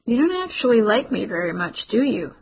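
Garrett is an awkward, earnest young man in an audiobook, read by a woman. He talks in a level, unhurried way. His voice stays husky and carries a gravelly rasp. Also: a little high, sing-song, exaggerated voice, rough recording. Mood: even.

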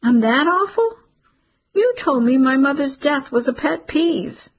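A woman voicing Cece, an anxious, sharp-tongued young woman, in a shrill, biting voice. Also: lively intonation, a little slow. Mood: bitter.

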